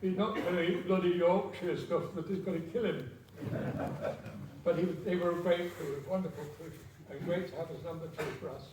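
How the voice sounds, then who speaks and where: An Englishman in his nineties gives a public talk in a theatre hall, chatting through anecdotes full of quoted dialogue. His voice is high, fairly quick, and fairly even in intonation, recorded noisily from a distant mic in an echoey hall.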